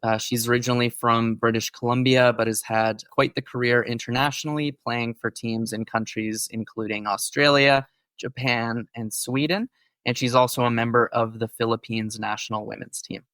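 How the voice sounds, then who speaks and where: Man co-hosting, explaining clearly. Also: medium pitch, level tone, normal speed, fairly bright tone, dry recording. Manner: informative, explaining with occasional fillers. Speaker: podcast co-host. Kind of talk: casual podcast chat.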